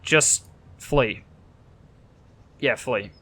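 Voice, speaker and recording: A man's voice: medium pitch, extremely slow, sharp tone. An Australian man hosting a let's play, chatting casually and thinking aloud while reading the game's text.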